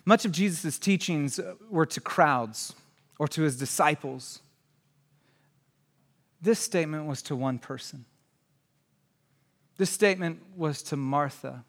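Impassioned preacher, hushed then shouting. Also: male voice, medium pitch. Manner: swings from hushed, near-whispered lines to loud impassioned shouting. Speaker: pastor. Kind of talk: sermon. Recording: long hall reverb.

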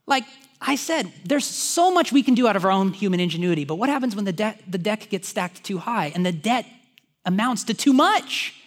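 A male pastor delivers a sermon in a high, bright-sounding voice. He preaches in an animated, conversational way and often turns to his listeners with casual asides. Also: normal speed.

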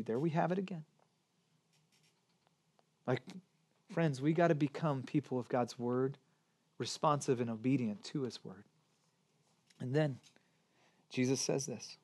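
A man in his forties preaching a sermon, moving between gentle near-whispers and urgent appeals. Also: mid-range voice, a little slow, long pauses. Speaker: pastor.

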